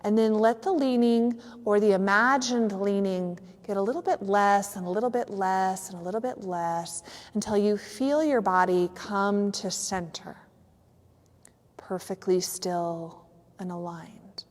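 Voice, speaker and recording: A woman yoga teacher gently and slowly guiding a yoga nidra relaxation in a studio, with a few fillers. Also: medium pitch, in a large hall. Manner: soft, slow, soothing guidance with some fillers. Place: yoga studio on a cold evening.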